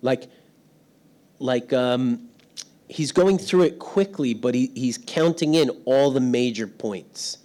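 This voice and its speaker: With a slow, expressive, dark-toned voice of medium pitch, a middle-aged pastor preaches in a windowless church hall. Often laughing, he fills the sermon with self-deprecating stories about himself.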